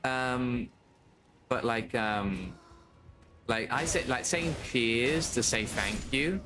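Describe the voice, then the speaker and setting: A man's voice: medium pitch, slow pace. Chatty British man streaming a game. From Britain. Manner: chatty, swears, greets chat while playing. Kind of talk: casual gaming stream chat. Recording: faint background noise.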